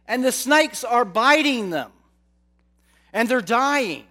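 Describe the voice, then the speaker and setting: Slow-speaking man preaching a sermon. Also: very high-pitched, animated, bright, forceful tone. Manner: slow, dramatic, asks the congregation rhetorical questions.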